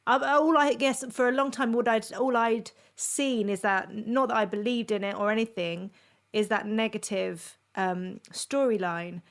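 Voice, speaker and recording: A woman's voice: medium pitch, fairly even intonation, unhurried. A woman podcast host who listens and laughs along with her guest. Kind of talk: conversational interview.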